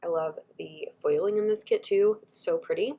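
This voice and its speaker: A woman, chatting warmly and gushing as she walks through her planner stickers, her voice a little scratchy from a cold. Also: fairly low pitch, moderate pace. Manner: gushing, chatty, frequent soft asides. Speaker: planner vlogger. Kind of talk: casual chat over a craft video.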